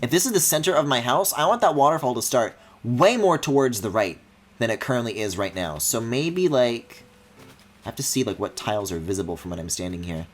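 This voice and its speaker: Animated man streaming a game. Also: fairly quick. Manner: thinks aloud in a low mumble, then bursts into high excited squeals; swears in mock outrage. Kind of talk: live-streamed gameplay commentary.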